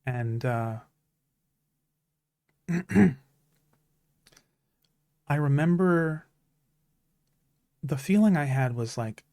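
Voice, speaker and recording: A man's voice: fairly high pitch, expressive, drawn-out words, pauses often, warm tone, dry recording, clean studio sound. A man in his thirties, a streamer, talking in an earnest, heartfelt way about stories that matter to him, with many restarts. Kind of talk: casual chat.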